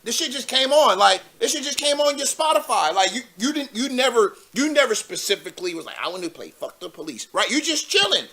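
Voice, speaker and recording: High-voiced animated man hosting live. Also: a little fast, few pauses. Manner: animated, slangy, laughs while telling stories. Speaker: live show host. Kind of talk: casual live call-in chat.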